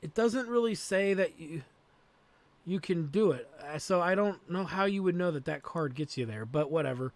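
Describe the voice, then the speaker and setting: A man's voice: on the high side, lively intonation, normal speed, no room sound. A man hosting a let's play, thinking aloud as he plays and swearing freely. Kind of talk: gameplay commentary.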